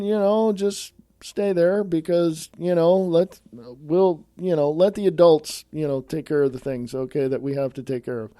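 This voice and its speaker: A man's voice: high voice, normal speed, hardly any pauses, dark tone, no room sound, clean studio sound. A man hosting his own podcast, talking bluntly in a scolding, sarcastic monologue. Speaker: podcast host.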